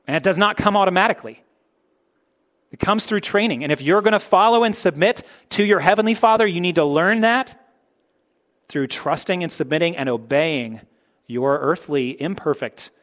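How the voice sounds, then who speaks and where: A man preaching a sermon in a conversational way, swinging between emphatic, louder points and soft, low asides. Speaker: pastor.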